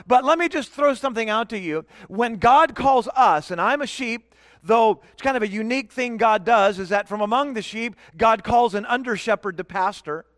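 A middle-aged man preaching a sermon as guest pastor, emphatic, slowing down to stress key words and questioning the congregation. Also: very high voice, fairly bright tone, no echo, studio quality, long reverb tail. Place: church sanctuary.

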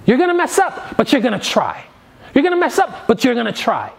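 A man delivers a sermon in an emphatic, repetitive cadence. His voice sits high for a man and rises and falls widely as he drives each point home. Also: wildly swooping pitch, brisk, vocal fry. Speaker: preacher.

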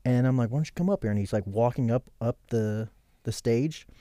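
A man's voice: medium pitch, fairly quick, no echo, clean studio sound. Swearing man telling a wild story. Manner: animated, swearing, acts out quoted lines. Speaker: podcast guest. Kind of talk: casual storytelling.

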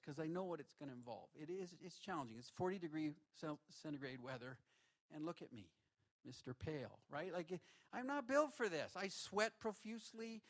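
A male pastor telling personal stories in a candid, conversational sermon to his church. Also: on the high side. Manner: candid, conversational, animated storytelling. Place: church sanctuary.

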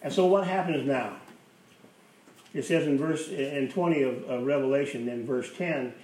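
A man's voice: medium pitch, normal speed, darkish tone. A man preaching a sermon as pastor, emphatic, repeating key phrases for effect. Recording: roomy, distant mic with faint hiss.

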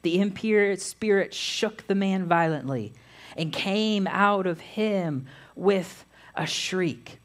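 A woman pastor giving a sermon, reading scripture aloud in a measured way. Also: medium pitch.

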